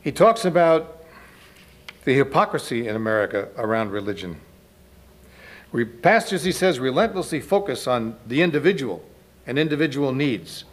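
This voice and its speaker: A man's voice: mid-range voice, sing-song, normal speed. A man giving a spoken lecture to a live audience, conversational, often turning to ask the listeners questions. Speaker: lecturer speaking to a church audience.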